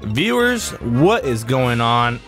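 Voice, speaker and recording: A young man hosts a let's-play, rambling through jokes at a slow, unhurried pace. His pitch is somewhat high and lively, and game music plays clearly behind him. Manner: joking and rambling. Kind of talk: casual gaming banter.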